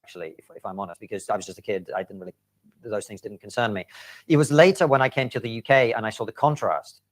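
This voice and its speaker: Man, quick earnest storyteller, dry close sound; podcast guest. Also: on the low side, dry recording. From Soviet Union. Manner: fast, earnest recounting with frequent fillers. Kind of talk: interview clip, storytelling.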